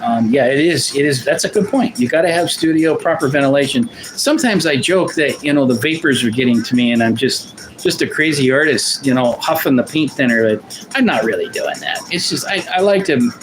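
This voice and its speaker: A man's voice: mid-range voice, lively intonation, a little fast, slight background noise, poor audio. A man from Portland hosting a livestream, chatting casually with viewers in a rambling, self-deprecating way, often restarting his sentences. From Portland, Oregon, USA. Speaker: livestream host and artist.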